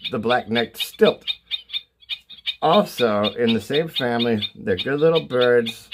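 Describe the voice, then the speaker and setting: A man hosting an irreverent comedic walkthrough of a bird sound book, swearing freely and rambling between mock-serious asides. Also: mid-range voice. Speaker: host reading through a bird sound book. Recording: noisy recording with bird calls playing. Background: bird calls played from a sound book.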